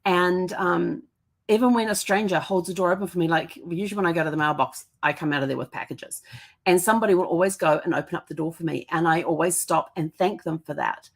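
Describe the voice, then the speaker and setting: A woman hosts a live-streamed podcast from home, telling stories into a webcam mic in a chatty, upbeat way. Her voice is lowish and gravelly, and she talks at a quick pace in this casual indoor monologue.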